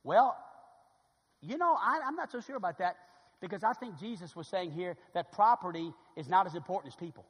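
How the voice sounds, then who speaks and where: A husky, high-pitched male pastor delivers a lively sermon. His voice rings out with a long hall reverb, and he jumps between loud declarations and quiet, confiding asides as he acts out scenes. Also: fairly quick. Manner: dramatic, acts out little scenes, swings from shouting to hushed. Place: church sanctuary.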